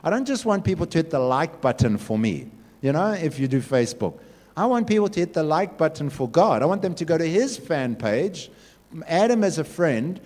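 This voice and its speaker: A man's voice: a little high, a little mellow, long reverb tail. A man giving a casual church talk to a youth group, telling stories loosely with many fillers.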